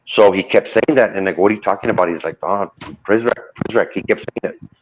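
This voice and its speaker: A man's voice: sits low, fast. A man casually retelling a true ghost story, relaying the dialogue with lots of "I go" and "he goes.". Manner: loose retelling full of "I go" and "he goes". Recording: dull lo-fi audio.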